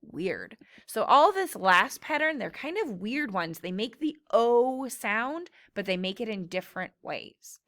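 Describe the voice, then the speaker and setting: Slow, patient woman teaching phonics. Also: a little high, sing-song, fairly bright tone. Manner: slow, patient, clearly sounding out words. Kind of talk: phonics lesson for young children.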